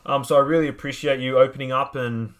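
A man's voice: medium pitch, steady tone, fast. A man hosting a podcast interview, enthusiastic, with frequent ums and laughs. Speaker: podcast host. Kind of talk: casual interview chat.

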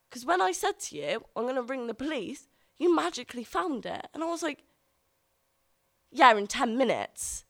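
A young woman telling a live personal story, acting out the voices of her family. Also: fairly high pitch. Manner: lively, acts out the voices of family in her tale.

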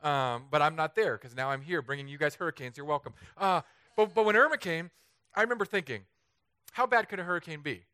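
Pastor guy from socal, animated funny sermon, smooth clear voice, dry sound. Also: fairly high pitch, fairly quick, no echo. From Southern California. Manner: animated, self-mocking, acts out quoted voices. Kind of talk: humorous storytelling sermon.

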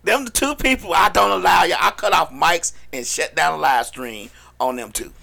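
A man co-hosting a casual podcast chat, blunt, loud and profane, laughing often. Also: a little high, moderate pace. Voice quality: gravelly. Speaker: podcast co-host.

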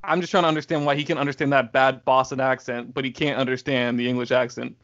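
A man's voice: medium pitch, little pitch movement, fast, fairly bright tone. A man co-hosting a podcast who keeps teasing his friends in casual chat. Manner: teasing, needling. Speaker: podcast co-host. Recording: dull lo-fi sound.

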